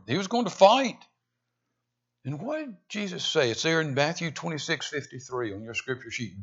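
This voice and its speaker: A man preaches a sermon in a bright, husky voice, his pitch leaping about with animated emphasis. He swings from loud, pressing lines to hushed, intense ones. The recording sounds dull and muffled. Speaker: pastor.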